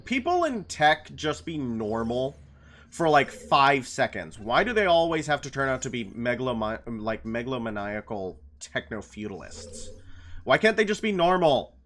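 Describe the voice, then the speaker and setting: A man's voice: medium pitch, big pitch swings, moderate pace, a bit bright. A man casually chatting while streaming a video game, rambling and playful, slipping into silly voices. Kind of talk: casual gameplay commentary.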